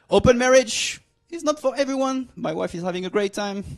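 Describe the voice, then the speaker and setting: A man with a French accent performs stand-up on a comedy club stage, teasing the crowd with mock arrogance. His voice sits fairly high for a man, and he likes to drag out his punchlines. He sounds like someone in his forties who is enjoying himself. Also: expressive, moderate pace, vocal fry. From France. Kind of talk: stand-up routine.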